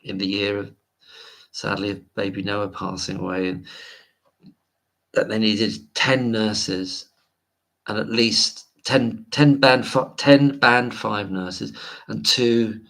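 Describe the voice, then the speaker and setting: A man's voice: lowish voice, vocal fry, bright, forceful tone. A man hosting a late-night livestream, rambling casually and reading viewer comments aloud. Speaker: livestream host.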